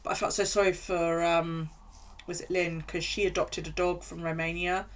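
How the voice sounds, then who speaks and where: A woman's voice: fairly low pitch, little pitch movement, normal speed. A woman streamer chatting casually and rambling, with frequent swearing, during a live stream from home.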